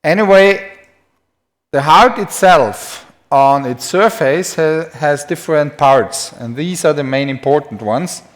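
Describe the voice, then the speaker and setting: A man's voice: on the high side, slow. A man who speaks natively gives a live-streamed anatomy lecture in English, chatty and self-deprecating, writing on a board as he talks.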